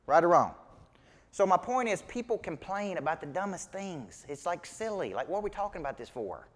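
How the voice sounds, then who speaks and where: With a Southern US accent, a man speaks in a high-pitched, sing-song voice at a fairly quick pace, leaving a long reverb tail. It's a live motivational business coaching talk, delivered emphatically and in a folksy, preachy style as he questions the audience.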